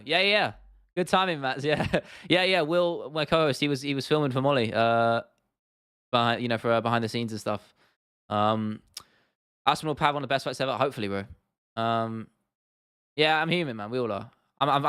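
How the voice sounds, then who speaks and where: Chatting with his viewers, an MMA livestream host with a southern English accent reads and responds to their comments, laughing a lot and repeating himself. This young man's mid-range voice is clear and resonant with a fairly bright tone, and he addresses chat as "bro" and "lad."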